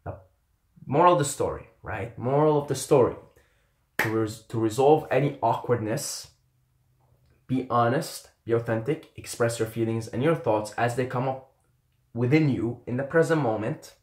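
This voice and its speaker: A man's voice: medium pitch, moderate pace, echoey room. A man giving casual dating advice to camera, rambling, swearing freely and repeating himself.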